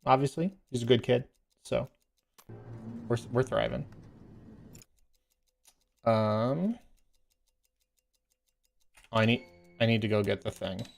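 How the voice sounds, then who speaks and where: A man's voice: medium pitch, takes it slowly, gravelly, long pauses, soft background music. A man and parent chatting casually while playing a game, telling a story in a rambling, filler-heavy way and laughing as he goes. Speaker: gaming streamer and parent.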